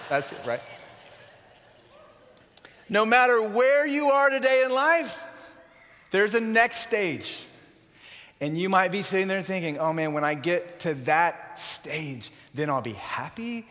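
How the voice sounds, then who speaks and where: A man in his forties preaching a sermon, telling animated stories and acting out scenes. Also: high-pitched, slow, a little hiss or hum. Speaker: pastor. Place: large church worship center. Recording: long hall reverb.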